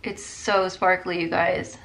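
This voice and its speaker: A woman's voice: lowish voice, little pitch movement, slow pace, fairly bright tone. A woman in her thirties with a headache, chatting to viewers while doing her makeup, full of "like" and "you guys.". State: tired, with a headache. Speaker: beauty vlogger.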